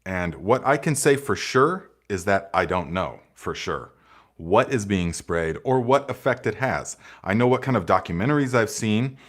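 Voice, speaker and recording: This gardening channel host runs a live Q&A, chatting casually with his viewers in a sarcastic, animated way. His pitch is fairly low and his speed normal, and he laughs a lot while repeating "okay" and "guys."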